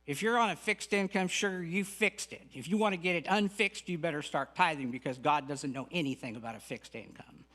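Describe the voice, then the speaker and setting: A woman's voice: deep voice, fairly quick, few pauses, a bit bright. A man imitating a sassy older Southern woman spiritual teacher with a Texas Southern accent and a blunt, teasing drawl.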